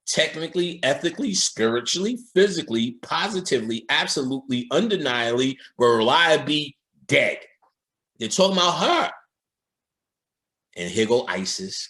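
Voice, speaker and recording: A man giving an informal occult lecture as he talks over a film. His pitch swings widely as he speaks, and he swears freely while addressing his viewers directly. The delivery is emphatic and loose rather than polished. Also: pushed and bright. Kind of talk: casual commentary over a film.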